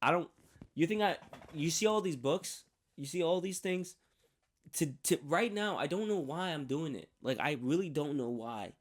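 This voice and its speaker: A man giving a candid personal faith testimony on his vlog, talking haltingly with many restarts and repeated words. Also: a little high, expressive. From New York. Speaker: faith vlogger.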